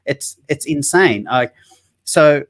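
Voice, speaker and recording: A man's voice: a little high, slow pace. A man with a nasal Australian accent, chatting as a guest in a casual interview, joking and rambling with many fillers and restarts. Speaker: guest, online activist. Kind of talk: casual interview over a video call. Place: Sydney.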